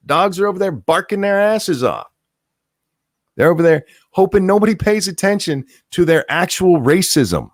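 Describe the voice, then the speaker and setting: A man tearing into a furious, profane rant, his pitch swinging wide from low growls to sharp peaks. The sound is close and dry, with no room around it. He mocks and jeers as he goes. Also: lively intonation, moderate pace, dry recording. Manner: profane, heated, mocking outbursts. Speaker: host. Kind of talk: angry political rant.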